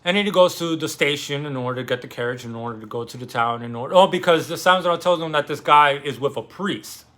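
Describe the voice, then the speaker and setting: A man's voice: fairly high pitch, fast talker, hardly any pauses, a bit bright. A young man casually recapping a novel, rambling and swearing as he acts out the characters' lines. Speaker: book discussion host. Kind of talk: casual book summary.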